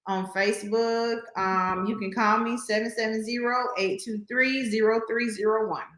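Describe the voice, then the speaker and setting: A woman with a Southern American accent, a realtor talking in a lively, folksy way as a podcast guest. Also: a little high, moderate pace, echoey room. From Southern United States. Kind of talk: casual podcast interview.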